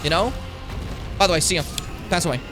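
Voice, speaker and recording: Over music, a high-pitched man talks fast while streaming a video game with a co-host. He's animated and jokey in this casual stream chat, swearing and slipping into silly impressions.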